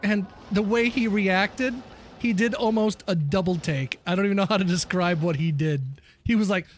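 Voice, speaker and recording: High-pitched man telling rambling stories. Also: moderate pace, faint music behind. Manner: rambling, laughing storyteller who swears freely. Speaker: game streamer. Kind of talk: casual live-stream chat.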